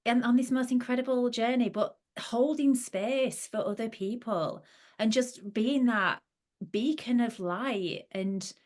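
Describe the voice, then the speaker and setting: A woman hosting a podcast interview, effusive and swearing freely. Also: fairly high pitch. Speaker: podcast host. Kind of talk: casual interview chat.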